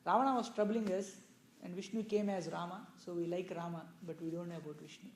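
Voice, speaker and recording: A mellow, soft-edged male voice explains old scripture in an easygoing, unhurried way, leaning on casual asides. The sound rings a little off the walls of an indoor room, with a faint hum underneath. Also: high voice, steady tone. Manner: loose, explanatory, with many "you know" asides. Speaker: religious storyteller. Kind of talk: conversational scripture discourse with questions. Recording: echoey room.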